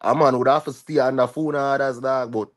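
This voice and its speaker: A man's voice: mid-range voice, steady tone, fairly quick. A man vlogger speaking with a Jamaican patois accent, ranting heatedly and often tagging his lines with "you see me" and "dog". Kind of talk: ranting vlog commentary.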